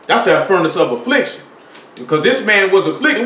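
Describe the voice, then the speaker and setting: A man's voice: high voice, expressive, fairly quick, fairly bright tone. A man preaching a sermon in a casual, conversational way, asking his listeners rhetorical questions and reading scripture aloud. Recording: echoey room, mic at a distance.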